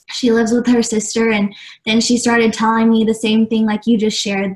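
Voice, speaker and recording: A young woman guest in a casual interview, telling a story earnestly, with many fillers, acting out what others said. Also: fairly high pitch. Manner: earnest, many "like" fillers, acts out quoted dialogue. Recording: echoey room.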